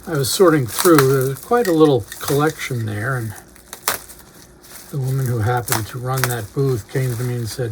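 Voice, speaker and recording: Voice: mid-range voice, normal speed, noisy background. A record collector casually talking through an unboxing, reading out record titles with brief remarks on each.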